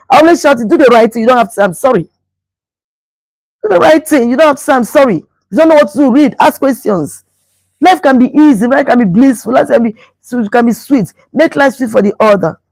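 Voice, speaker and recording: A woman's voice: fairly high pitch, a little mellow, no room sound, low-quality recording. A middle-aged woman pastor, preaching about relationships emphatically and repeating phrases to drive them home. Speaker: pastor and show host.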